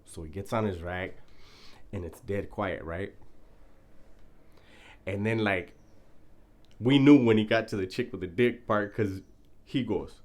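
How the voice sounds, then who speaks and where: Man, lowish voice, casual storytelling, profane, laid-back, laughs through it. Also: measured pace, long pauses, darkish tone. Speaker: former prisoner telling a story.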